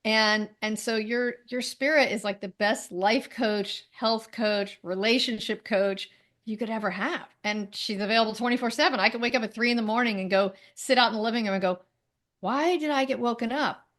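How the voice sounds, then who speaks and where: Woman guest, chatty and animated, slightly high pitch, conversational interview. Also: moderate pace. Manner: chatty, animated, frequent laughs. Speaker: guest, medical intuitive and spiritual teacher.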